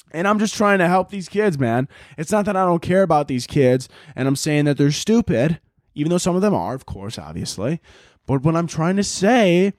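A man's voice: high voice, no room sound, studio quality. A man hosting a comedy podcast, delivering a profane, exasperated comedic rant. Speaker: podcast host. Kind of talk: ranting comedic monologue.

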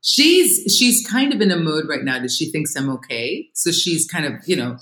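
A woman in her thirties, a guest in a casual chat, telling lively family stories and acting out quotes. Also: low-pitched, normal speed, slight background noise. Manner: animated storytelling with acted-out quotes. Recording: roomy echo.

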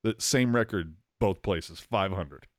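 A man co-hosting a hockey podcast in casual chat, excitable and slangy, calling his co-host "dude". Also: low voice, takes it slowly, dry recording, studio quality.

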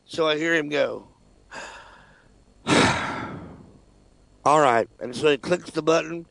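A man's voice: a little high, a little slow, vocal fry, dry recording. A man co-hosting a casual radio talk show, telling a story with lots of laughter and swearing. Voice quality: animated, swearing, laughs often.

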